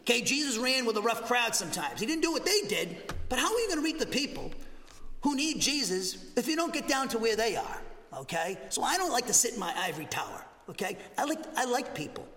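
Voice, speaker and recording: A male pastor from New teaching a Bible lesson, animated and conversational, with jokey asides and frequent "okay?". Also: extremely high pitch, fairly quick. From Massachusetts, USA. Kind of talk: expository Bible teaching sermon. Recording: roomy hall reverb.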